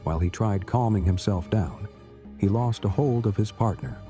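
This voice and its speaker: A man giving a scripted voice-over narration in an even, explanatory way. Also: fairly low pitch, normal speed, faint music behind.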